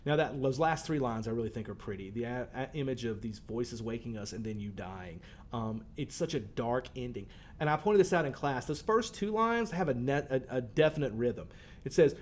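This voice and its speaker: A man's voice: mid-range voice, lively intonation, brisk, a little hiss or hum. Chatty male teacher. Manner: conversational, thinking aloud with fillers, reads poem lines aloud. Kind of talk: recorded poetry lesson for students.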